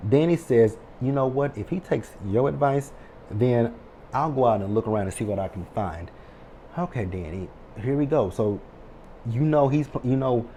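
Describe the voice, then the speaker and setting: A man's voice: medium pitch, mellow, slight background noise. A man giving a casual, chatty recap of a TV episode to his viewers, reading out the scenes and adding exasperated asides. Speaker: TV recap host.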